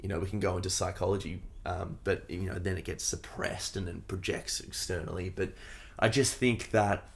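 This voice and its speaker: A man who coaches breathing, talking as a podcast guest in an animated, playful way and often acting out little voices. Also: deep voice, normal speed, gravelly, few pauses. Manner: animated, playful, acts out voices when making a point. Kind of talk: casual conversation.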